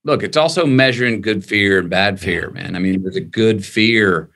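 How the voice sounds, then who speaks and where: Forceful, lower-voiced man telling it emphatically. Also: moderate pace. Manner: animated, emphatic, acts out quoted voices. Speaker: guest. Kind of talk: conversational interview.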